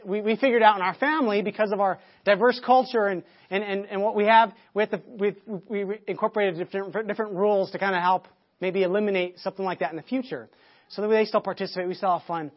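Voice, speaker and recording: A pastor delivers a sermon, recounting a family story full of restarts and repeated words, and his voice rises loudly when he acts out shouting. His voice is high, and the recording sounds muffled.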